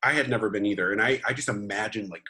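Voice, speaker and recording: Casual, rambling chat comes from a young podcast co-host who keeps stumbling into fillers and starting over. His pitch leans low, and he talks quickly in a bright, forceful voice with some breathiness.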